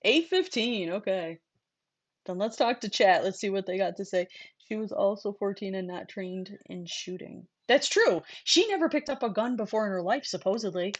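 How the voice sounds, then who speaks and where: A woman chatting on a casual livestream with a friend. She talks bluntly, swears without a second thought and breaks into laughter often. Her pitch sits in the middle range. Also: expressive, moderate pace. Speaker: host.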